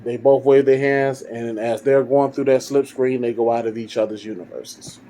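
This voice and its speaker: A man casually narrating a story he wrote, wandering through it with fillers and restarts. His voice is dark and mellow, with an ordinary middle pitch. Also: fairly even intonation, normal speed, slight background noise. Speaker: fan fiction storyteller.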